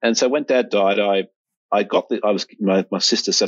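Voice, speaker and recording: A man telling a personal story in a casual interview, halting with frequent restarts. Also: lowish voice, steady tone, no room sound, highs cut off. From Australia.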